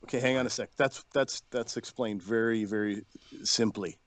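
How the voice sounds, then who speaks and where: A man's voice: on the low side, fairly even intonation, normal speed, no echo. A man co-hosting a casual movie review podcast, chatty and joking about old tech and props. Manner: chatty, jokey. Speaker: podcast co-host.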